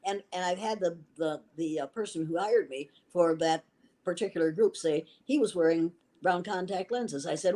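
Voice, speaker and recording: A woman's voice: lowish voice, moderate pace, warm tone. An older woman being interviewed as an educator, telling stories in an emphatic, assured way. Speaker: guest educator. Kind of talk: interview answers.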